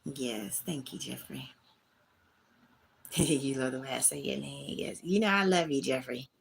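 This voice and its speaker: With a very deep, creaky voice and a slightly slow pace, this woman hosts a livestream from a small room at home. She vents frankly and speaks right to her chat, with slight background noise present.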